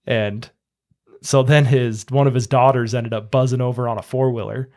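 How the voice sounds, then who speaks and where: A man's voice: medium pitch, steady tone, moderate pace, darkish tone. A man hosting a podcast, telling a long story casually and acting out what others said. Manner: chatty, acts out quotes in a raised voice. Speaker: podcast host.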